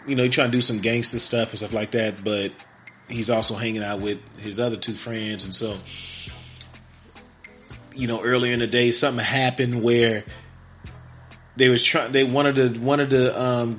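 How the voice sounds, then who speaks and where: A man's voice: medium pitch, a bit bright. Man, podcast host, rambling plot recap with acted-out lines, faint music underneath. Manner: rambling, acts out characters' lines in quick voices. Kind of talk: casual movie recap.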